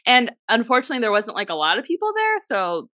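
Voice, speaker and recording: Bright-voiced woman podcaster, dry close sound. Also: on the high side, fast, dry recording. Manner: animated storyteller, swears freely, heavy use of "like". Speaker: podcast co-host. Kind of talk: casual chat.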